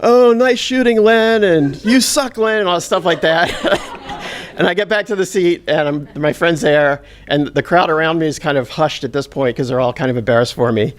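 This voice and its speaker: A man telling a humorous personal story on stage to a live audience, with a self-deprecating, animated delivery. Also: fairly high pitch, fairly quick.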